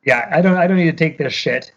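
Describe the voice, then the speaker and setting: Laid-back co-host with crude reactions. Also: male voice, fairly high pitch, fast. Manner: short profane reactions. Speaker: podcast co-host. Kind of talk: casual chat. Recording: lo-fi podcast recording.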